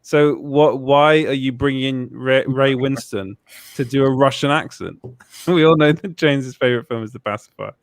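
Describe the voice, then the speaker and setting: A man's voice: mid-range voice, moderate pace, no echo, clean studio sound. A man co-hosting a casual podcast chat, laughing often and giving blunt opinions. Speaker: podcast co-host.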